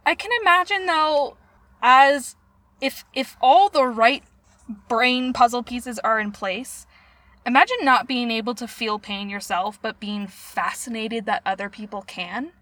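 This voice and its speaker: A young woman co-hosting a podcast, talking casually and giggling often as she tells stories. Her voice is bright and a bit high. She is chatty and easygoing. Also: a little slow, dry recording. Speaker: podcast co-host. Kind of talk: casual chat.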